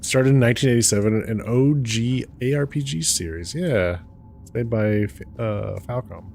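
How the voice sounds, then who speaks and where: A man's voice: medium pitch, moderate pace, gravelly, a little mellow, faint music behind. A man hosting a let's play, chatting casually with viewers and laughing often. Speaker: gaming channel host.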